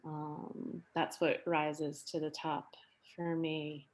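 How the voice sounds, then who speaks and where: A woman's voice: low-pitched, flat delivery, slow. A woman sharing her reflections with a group in an earnest, thoughtful way. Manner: earnest, reflective, many fillers. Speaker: workshop participant.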